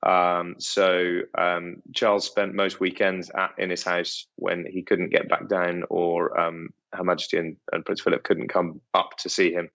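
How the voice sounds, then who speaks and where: A man's voice: low-pitched, flat delivery, unhurried, vocal fry, hardly any pauses, fairly bright tone. A middle-aged man who owns an estate, answering interview questions in a hesitant way with many ums and restarts. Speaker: estate owner, interview guest. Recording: dull lo-fi sound.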